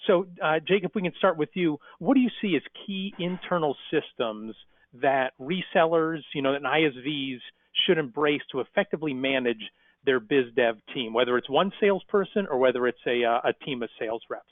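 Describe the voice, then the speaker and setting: A man's voice: a little high, normal speed, no room sound. A man hosting an interview podcast, chatting casually and telling self-deprecating stories. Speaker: podcast host. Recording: tinny dry phone-like line.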